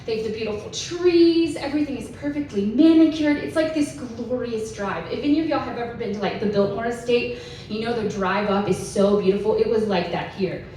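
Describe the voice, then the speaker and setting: A woman's voice: a little high, fairly quick, dark tone. A woman, telling a story as a conference speaker in a chatty way, with lots of "like". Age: 30s. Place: conference hall. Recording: echoey hall, voice from far off, faint hiss.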